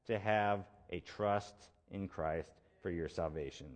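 A man's voice: lowish voice, moderate pace, few pauses, a little mellow, big-room sound. A male pastor giving a conversational sermon, repeating key phrases for emphasis. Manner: conversational preaching with emphatic repetition.

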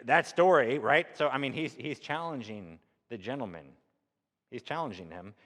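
A man's voice: medium pitch, fairly bright tone, big-room sound. A man preaching a conversational sermon from Missouri, asking the congregation rhetorical questions. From Missouri, USA. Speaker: pastor.

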